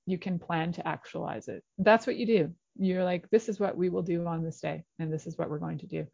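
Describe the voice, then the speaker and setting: A woman's voice: lowish voice, gravelly, darkish tone, no echo. A middle-aged woman hosting a talk show, chatty and encouraging with playful asides. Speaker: radio show host. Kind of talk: casual solo talk show monologue. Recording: slightly dull lo-fi recording.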